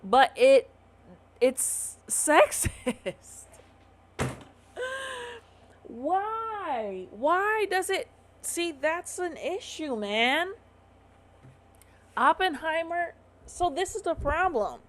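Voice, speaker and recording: A woman's voice: very high-pitched, very animated, takes it slowly. A tired woman with a Southern US accent hosting opinionated casual commentary, swearing and firing off rhetorical questions. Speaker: host.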